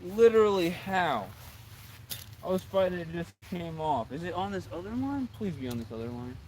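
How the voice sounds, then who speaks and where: A man's voice: fairly high pitch, expressive, fast, warm tone, a little hiss or hum. A young man on a casual fishing stream, exasperated, repeating himself and talking to his chat outdoors by the water.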